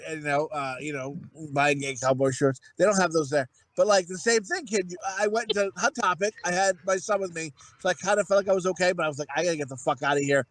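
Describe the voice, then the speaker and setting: A man's voice: high-pitched, quick pace, few pauses, a bit bright, dry recording, rough recording. A man in his forties co-hosting a podcast, telling rambling, profane stories in casual banter. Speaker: podcast co-host.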